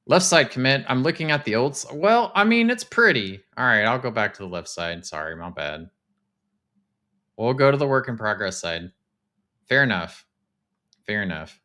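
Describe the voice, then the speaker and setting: Chatty man, bright tense voice. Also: mid-range voice, normal speed. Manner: chatty, excitable, talks to chat. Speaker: streamer touring game houses. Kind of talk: casual live-stream commentary.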